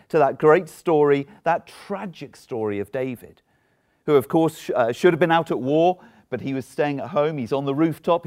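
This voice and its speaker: Preacher with a lively, dramatic delivery. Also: male voice, medium pitch. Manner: storytelling with rhetorical questions and acted-out quotes. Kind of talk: sermon.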